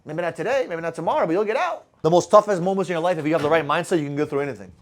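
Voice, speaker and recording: A man's voice: on the high side, rapid-fire. A man coaching a live group on sales, blunt and profane, constantly firing rhetorical questions at his audience. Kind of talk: motivational talk to a live group.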